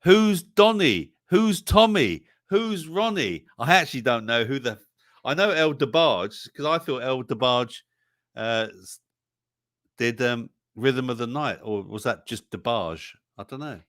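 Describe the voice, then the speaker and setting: Slow-talking man hosting a quiz. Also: medium pitch, a bit bright, no room sound, clean studio sound. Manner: jokey, reading out viewers' chat answers. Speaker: livestream show host. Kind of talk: hosting a casual song-lyrics quiz.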